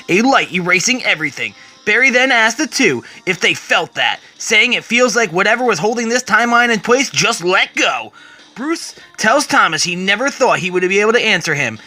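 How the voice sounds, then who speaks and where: A man's voice: high-pitched, sharp tone. A man retelling a comic book story as a dramatic reading, quoting the characters along the way.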